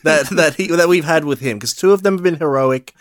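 A man's voice: fairly high pitch, no room sound, clean studio sound. A man co-hosting a podcast in casual film chat, weighing his words with many fillers. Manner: measured, hedging, many fillers. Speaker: podcast co-host.

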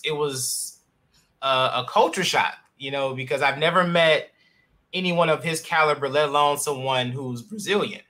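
Young male podcast host, bright and sharp tone, loose and easygoing. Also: medium pitch. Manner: relaxed, many fillers. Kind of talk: casual interview chat.

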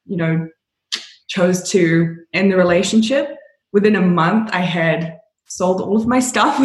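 Animated laughing woman, echoey room. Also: on the low side. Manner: animated, laughs often, voice rises when excited. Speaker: podcast guest. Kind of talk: casual interview storytelling.

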